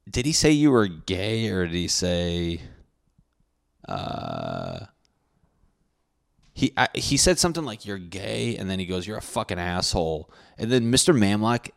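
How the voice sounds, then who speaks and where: A man's voice: on the low side, creaky. A young man from Connecticut with a Connecticut accent, telling a rambling, profane, self-correcting comic story from his school days. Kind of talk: casual comedic storytelling.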